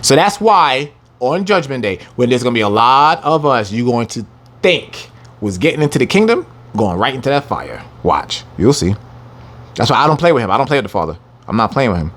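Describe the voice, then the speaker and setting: A man teaches a scripture lesson, reading verses slowly with heavy emphasis while taunting his listeners in brash, profane language. His medium-pitched voice is sing-song and a bit bright.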